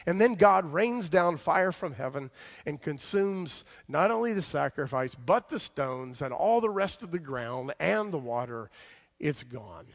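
A man preaching a sermon, retelling a story with animated swings between loud emphasis and soft asides. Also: on the high side, measured pace.

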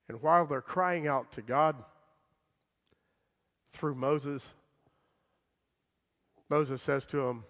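A man preaching a sermon, dramatic, swinging from loud outbursts to hushed lines and acting out the voices in the story. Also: medium pitch, takes it slowly, pauses often, long reverb tail. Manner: acts out quoted voices in the story.

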